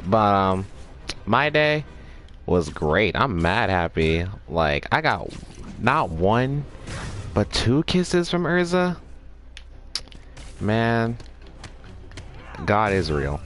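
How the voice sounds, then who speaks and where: A man streaming a game, chatting casually in an excitable, slangy way with some swearing. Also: lowish voice, very slow, pauses often. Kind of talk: casual gaming stream chat.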